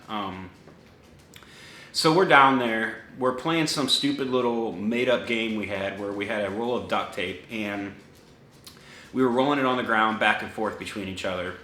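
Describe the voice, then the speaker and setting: A young man casually presenting his paranormal recordings, rambling with lots of fillers, a dog somewhere near him. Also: fairly low pitch. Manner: relaxed, rambling with many fillers. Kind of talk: casual talk to camera. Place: home room with a dog nearby. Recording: echoey room, faint noise.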